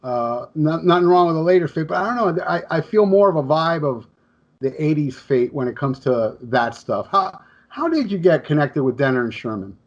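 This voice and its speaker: A man's voice: on the high side, animated, normal speed. A male podcast host asking questions in loose casual chat, leaning on fillers and restarts. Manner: loose, filler-heavy, lots of "you know, I mean". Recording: dull lo-fi sound.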